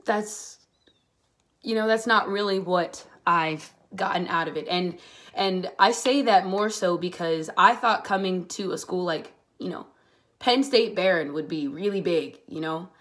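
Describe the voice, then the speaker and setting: A woman's voice: fairly low pitch, fairly bright tone. Earnest young woman talking straight to camera. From Pittsburgh area. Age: 20s. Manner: earnest, halting, grows heated and emphatic. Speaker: vlogger. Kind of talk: personal vlog monologue.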